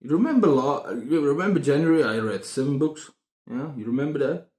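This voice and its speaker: A man chatting casually about books on his video channel, excitable and prone to repeating himself. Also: a little high, fairly quick, slight background noise. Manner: excitable, repeats words and phrases. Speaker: book vlogger. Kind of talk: casual book review chat. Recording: roomy echo.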